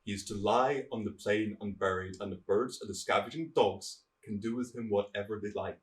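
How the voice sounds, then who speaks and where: An actor playing a stern male king who lays down the law, swinging from loud proclamations to cold, quiet threats in a stage-play delivery. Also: lowish voice, a little fast, distant mic, lightly acted. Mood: proclaiming.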